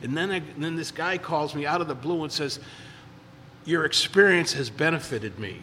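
A man's voice: a little high, lively intonation, normal speed, pushed and bright, long reverb tail, a little hiss or hum. A man in recovery telling stories at a meeting, rambling and repeating words as he acts out quotes in a casual way. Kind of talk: casual storytelling talk.

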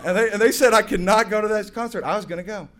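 Speaking quickly in a high voice, a man in his forties rambles through his recovery story at a meeting, mocking himself and breaking into loud, excited quotes. It's personal testimony delivered with humor.

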